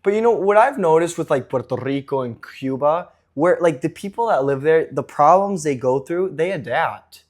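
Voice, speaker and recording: A man's voice: fairly high pitch, lively intonation, moderate pace, few pauses. A young man who grew up in Mexico, hosting a casual podcast chat, chatty and full of fillers, laughing easily. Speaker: podcast host.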